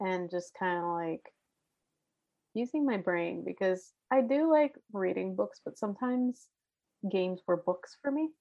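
A woman co-hosting a podcast in casual chat, soft-spoken, mostly giving brief replies. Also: mid-range voice, lively intonation, unhurried, vocal fry, muffled recording. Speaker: podcast co-host.

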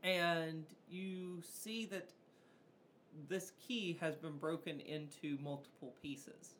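A game master narrating a tabletop game in a relaxed, casual way, with many fillers. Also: medium pitch, slow, a little hiss or hum.

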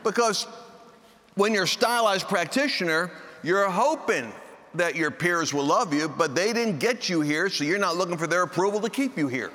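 Bright, high-voiced man preaching. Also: animated, normal speed. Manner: joking storyteller who acts out quoted voices. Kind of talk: sermon. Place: large meeting hall with a live audience. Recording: long hall reverb, faint background noise.

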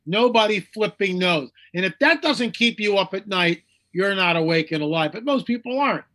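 An American man speaks as an interview guest in a high, bright, forceful voice, brisk and lively in intonation. He is emphatic, repeating phrases for effect and mocking people with quoted voices in animated talk.

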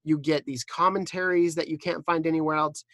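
A podcast host who hosts a casual interview, enthusiastic and quick with loose phrasing. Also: medium pitch, steady tone, fairly bright tone, dry recording.

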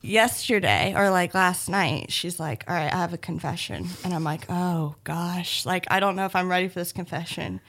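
A woman's voice: on the low side, moderate pace, few pauses, a bit bright. A young woman hosting a podcast, chatting casually and teasing her guest in a friendly way. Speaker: podcast host.

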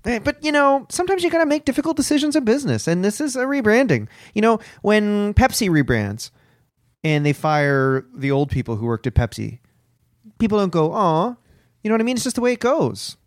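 A man hosting an improvised comedy podcast in character as a building manager, telling stories in an animated way and acting out other people. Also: high voice, dry recording, clean studio sound. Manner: animated storytelling, quick to act out others.

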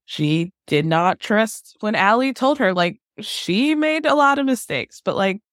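A woman guesting on a podcast, chatting casually and chiming in with quick agreement. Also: mid-range voice, lively intonation, a bit bright, no echo, clean studio sound. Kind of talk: casual recap chat.

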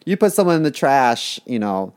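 A man's voice: mid-range voice, big pitch swings, normal speed, a little mellow, clean tone. A man from Baltimore trading jokes in loose podcast banter. He talks with a sarcastic, profane edge and drops into playful mock voices when he quotes people. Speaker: podcast co-host. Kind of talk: casual comedic chat.

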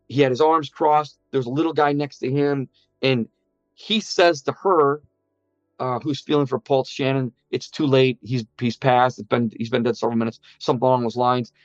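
A man's voice: medium pitch, dry recording. A man giving an earnest spoken account of a near-death experience, acting out what others said. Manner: earnest storytelling, quoting voices. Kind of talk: personal testimony. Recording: muffled sound with soft music under it.

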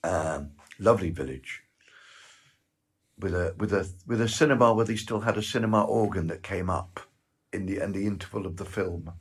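A man from the West Country of England with a West Country accent, a guest actor telling rambling stories with halting repeats in an interview. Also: low-pitched, husky. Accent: West Country English. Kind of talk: anecdotal interview chat.

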